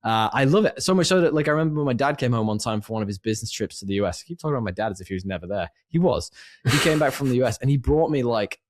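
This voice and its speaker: A man's voice: medium pitch, very fast, dry recording. A man co-hosting a podcast, chatting animatedly about films and laughing often. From northern England. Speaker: podcast co-host. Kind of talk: casual film chat.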